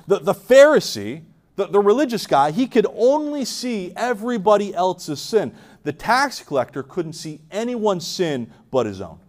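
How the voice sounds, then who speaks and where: A man's voice: sits high, sing-song, normal speed, darkish tone. Earnest man preaching a sermon. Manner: earnest, repeats words while restarting, asks the congregation questions. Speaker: pastor.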